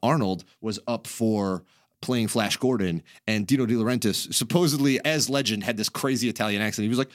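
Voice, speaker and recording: A man's voice: medium pitch, animated, brisk, dry recording, studio quality. A man hosting a podcast in casual chat, rambling through stories, laughing often and swearing casually. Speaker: podcast host.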